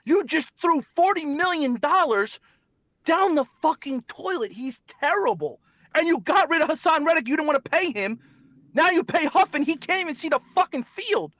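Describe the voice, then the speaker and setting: A man's voice: very high voice, lively intonation, moderate pace, a bit bright, no echo. A young man hosting a sports talk show, ranting angrily and profanely about his team, repeating himself. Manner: angry, profane, repetitive ranting. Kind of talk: heated sports talk rant.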